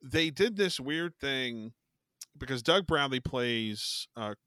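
A man chats on a horror podcast, rambling through restarts and tossing in swear words. His voice sits at an ordinary middle pitch. The sound is dry and close. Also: lively intonation, slow pace, sharp tone, dry recording. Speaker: podcast co-host. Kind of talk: casual chat.

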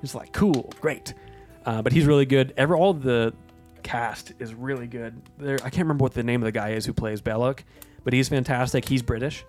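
An American man co-hosting a podcast, chatting casually about movies with rambling, deadpan jokes. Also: mid-range voice, fairly quick, soft background music. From United States. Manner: joking, rambling, deadpan asides. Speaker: podcast co-host.

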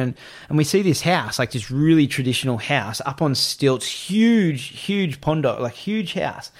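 A man telling a travel story in casual chat, animated, acting out the voices of the people in it and swearing freely. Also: a little high, moderate pace, hardly any pauses.

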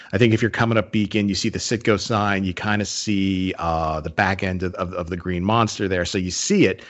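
A man's voice: deep voice, dull audio. A man in casual conversation, rambling with many fillers and restarts. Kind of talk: casual chat.

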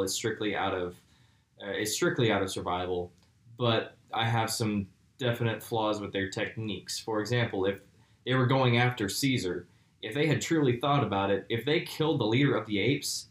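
A man with a slightly low voice breaks down a movie's logic point by point in relaxed podcast chat. The sound bounces around a reverberant room. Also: far from the mic. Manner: analytical, builds arguments step by step. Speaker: podcast co-host. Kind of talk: casual film discussion. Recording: roomy echo.

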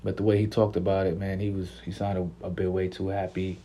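A man's voice: low-pitched, flat delivery, a little fast, mellow, slight background noise. A man hosting a casual sports podcast, laid-back and slangy, often repeating himself. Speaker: podcast host.

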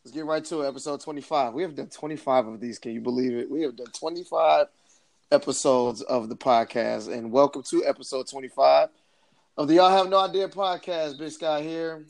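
A man's voice: a little high, a little fast, creaky. A man in his thirties hosting a podcast in casual chat, rambling and hesitant, with lots of fillers. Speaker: podcast host.

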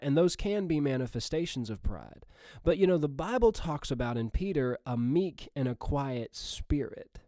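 A man's voice: medium pitch, warm tone, dry recording, clean studio sound. Folksy Missouri-accented man preaching. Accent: Southern US, Missouri. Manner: folksy and earnest, with frequent fillers and restarts. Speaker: podcast host and preacher. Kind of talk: casual podcast sermon.

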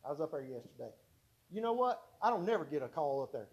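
A high-pitched man preaches a sermon. His tone is mellow and warm, and he tells homespun stories, circling back to repeat key points with emphasis. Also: sing-song, quick pace, muffled recording. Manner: folksy storytelling with emphatic repetition.

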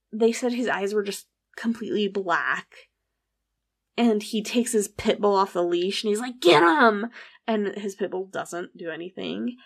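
Podcast host, female, gravelly fry, chatty true-crime storyteller. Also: mid-range voice. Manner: chatty, recounts events with frequent "like" and quoted dialogue.

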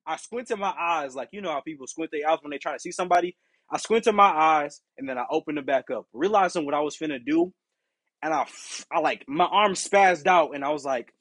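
A man hosting a podcast, telling a casual story in an animated, profane way and acting out the people in it. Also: a little high, no room sound. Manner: animated, profane, acts out quoted exchanges. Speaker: podcast host.

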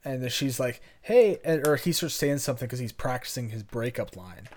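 Casting note: young male podcast co-host, relaxed, loose, chatty delivery with filler words. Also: mid-range voice, a little fast. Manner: easygoing, lots of ums and quoted dialogue. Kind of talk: casual chat.

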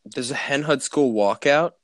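A young man co-hosting a casual podcast, teasing his friend with quick comebacks. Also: medium pitch, dry recording. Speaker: podcast co-host. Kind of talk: casual chat.

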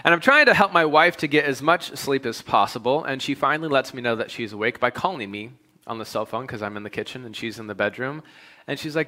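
A young adult man, a pastor, preaching a sermon in a relaxed, conversational storytelling way. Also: mid-range voice, fast. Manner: conversational storytelling, animated when quoting himself.

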